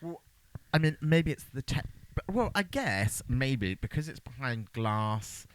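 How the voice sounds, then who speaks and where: A man's voice: mid-range voice, very animated, measured pace, dry recording. Chatty man, dry close sound. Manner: chatty, acts out lines from the film in a raised voice. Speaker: podcast co-host. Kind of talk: casual chat recapping a film.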